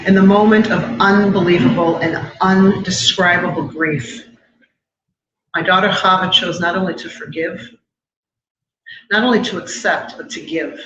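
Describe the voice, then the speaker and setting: A middle-aged woman giving a personal testimony at a memorial event, measured and emotional, with pauses. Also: on the low side, a crowd in the background. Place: live event hall. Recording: echoey hall, dull sound, noisy.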